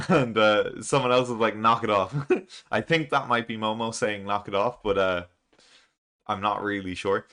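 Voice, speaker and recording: A man's voice: on the low side, steady tone, moderate pace, fairly bright tone. A man casually recapping a comic chapter, rambling with lots of fillers and frequent chuckles. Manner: chuckles often, loose and rambling with many fillers. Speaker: manga reaction channel host.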